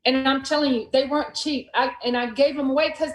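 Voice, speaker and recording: In a rough, reverberant recording, a podcast host with a high-pitched voice talks fairly quickly. She recounts a story conversationally, animatedly acting out the quoted dialogue.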